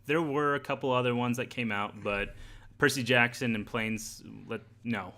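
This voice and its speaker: A man's voice: mid-range voice, fairly even intonation, normal speed, pushed and bright. A man co-hosting a casual podcast, wryly retelling scenes and quoting the characters. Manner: wry, retells scenes with put-on quotes. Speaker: podcast co-host. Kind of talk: casual chat.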